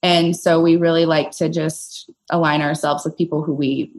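Easygoing low-voiced woman guest. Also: normal speed. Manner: relaxed, easygoing, filler-heavy. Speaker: guest, brand co-founder. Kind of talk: casual interview chat.

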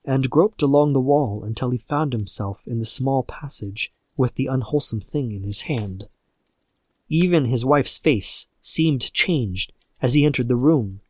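A man narrating a classic horror story aloud with measured, steady storytelling. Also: mid-range voice, no room sound.

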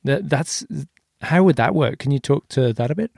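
A man's voice: mid-range voice, expressive, moderate pace, vocal fry, a little mellow, dry recording, studio quality. An Australian man hosting a podcast interview, telling stories in a loose, easygoing way with casual swearing. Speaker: podcast host.

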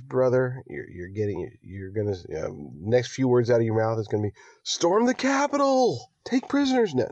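A man hosting a political podcast, delivering a rousing monologue that builds to near-shouting exhortation. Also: lowish voice, dry recording, lo-fi sound. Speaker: podcast host.

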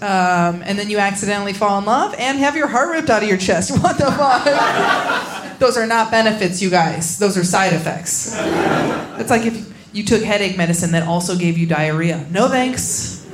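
A young woman performing a live stand-up set on a club stage, blunt and crude, with deadpan punchlines into a handheld mic. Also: mid-range voice, background noise. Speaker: stand-up comedian. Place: comedy club stage, laughing audience.

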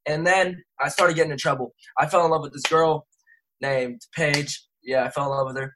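A man's voice: a little high, steady tone, moderate pace, fairly bright tone, a little hiss or hum, poor audio. A young man, a rapper and interview guest, telling a rambling casual story full of slang and self-corrections. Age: young adult.

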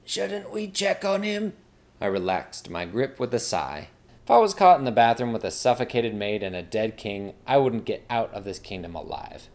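A man's voice: lowish voice, big pitch swings, moderate pace, a little mellow. A man narrating a comic fantasy story in a wry, dramatic storytelling manner.

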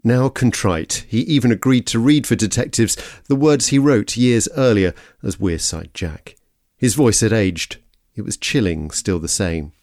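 A man giving measured, scripted documentary narration, describing scenes in detail. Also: fairly low pitch, darkish tone.

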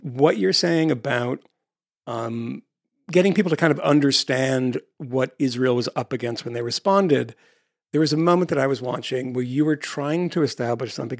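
A man hosting a casual interview, talking in an animated, emphatic way with quick asides. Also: medium pitch, no room sound, clean studio sound.

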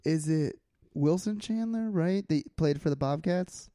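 Podcast cohost dude, kinda high voice, chill and giggly, really dry mic. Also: male voice, a little slow, warm tone, no echo. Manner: laughs a lot, easygoing banter. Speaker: podcast co-host. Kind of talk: casual chat.

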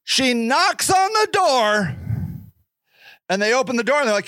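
A passionate man rants through a sarcastic podcast monologue, his voice running high and swinging widely with indignation. The sound is dry and close to the mic. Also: sing-song, moderate pace, long pauses, bright, forceful tone, no echo. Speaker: podcast host. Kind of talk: ranting monologue.

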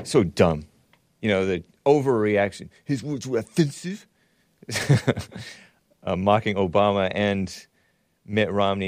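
A man hosting his own commentary show, swinging between loud mocking outbursts and low muttering asides. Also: slow pace, pauses often, no room sound, studio quality. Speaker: host.

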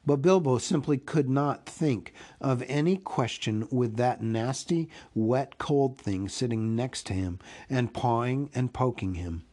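A man reading a storybook aloud as a podcast host, with an expressive, unhurried delivery. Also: medium pitch.

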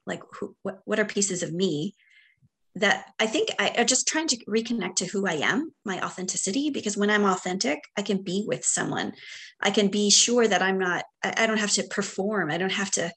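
A woman's voice: mid-range voice, lively intonation, brisk, husky. Middle-aged woman chatting on a podcast, reflective, lots of ums, little laughs. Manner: reflective, warm, with frequent fillers and light laughter. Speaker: podcast guest. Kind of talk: casual conversation.

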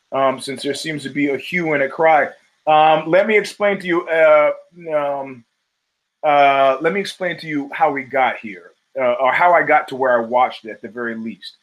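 A man's voice: mid-range voice, low-quality recording. A middle-aged man hosting his own podcast, talking in a loose, digressive way with many fillers and restarts. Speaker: podcast host. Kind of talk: casual rambling commentary.

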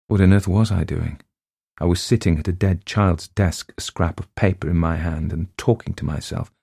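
Low mellow guy reading a spooky story slow and measured, dry close sound. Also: flat delivery, vocal fry, slightly rough, no echo. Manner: measured, dramatic pauses. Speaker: reader. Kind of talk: storybook narration.

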